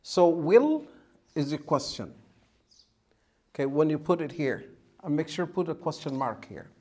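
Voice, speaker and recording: A man giving an English grammar lesson, speaking at a slow, careful pace. His voice sits a little high. He is patient, spells out words and repeats his examples. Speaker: English teacher. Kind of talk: classroom-style grammar lesson.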